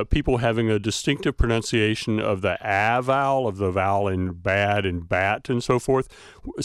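A man's voice: medium pitch, clear, resonant tone, no echo, studio quality. A man with a light Southern American accent, a linguistics professor answering interview questions thoughtfully with many fillers. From Southern United States. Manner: thoughtful, frequent uh fillers, academic.

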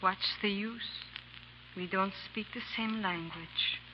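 Woman doing a worried proud lady, earnest and hushed, muffled old radio sound. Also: medium pitch, takes it slowly, noisy background, natural voice. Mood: reproachful. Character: troubled aristocratic wife, proud and anxious. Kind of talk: 1930s radio drama acting. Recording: dull old radio broadcast.

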